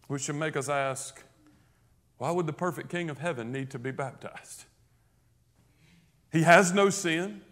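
A man delivering a sermon in a fairly high voice. He preaches emphatically, his volume climbing on key lines, then drops into casual asides to the congregation. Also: a bit bright. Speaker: pastor.

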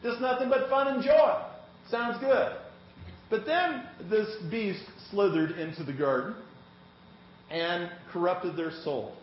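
A male pastor preaching a sermon, reading scripture aloud in an animated way to a congregation. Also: high-pitched, slow pace, a little hiss or hum. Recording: echoey, slightly dull church recording.

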